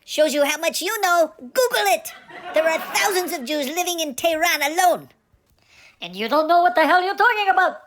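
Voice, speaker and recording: A man's voice: very high voice, lively intonation, moderate pace, a bit bright, some chatter behind, a little hiss or hum, pitched above the performer's own voice. A man voicing a sassy, wisecracking male Pomeranian dog who complains bluntly in a comic sketch.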